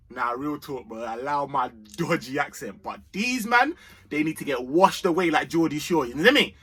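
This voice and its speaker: Brief: high-ish husky male fan-channel host, bright energetic slang-heavy match preview chat. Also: moderate pace. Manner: London street slang, energetic and chatty. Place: outdoors in sunshine.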